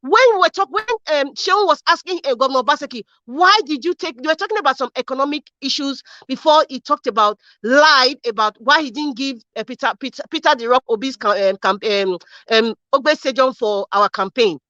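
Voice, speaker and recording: Fiery high-voiced Nigerian woman ranting. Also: brisk, hardly any pauses, pushed and bright, no room sound. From Edo State, Nigeria. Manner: angry, fiery, repeats herself with many rhetorical questions. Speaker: political commentary host. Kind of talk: impassioned political rant. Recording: dull lo-fi sound.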